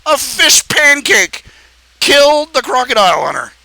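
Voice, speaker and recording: A man hosting a live stream, talking in a casual, animated ramble, repeating phrases and laughing at his own jokes. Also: extremely high pitch, a little slow, gravelly, no room sound, rough recording.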